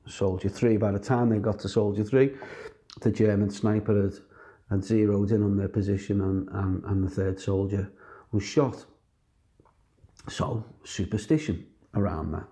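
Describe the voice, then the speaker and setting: A man's voice: on the low side, mellow. A British man, a boxing coach, talking casually to camera in a loose, rambling way with frequent ums and restarts. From United Kingdom. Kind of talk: casual online coaching talk.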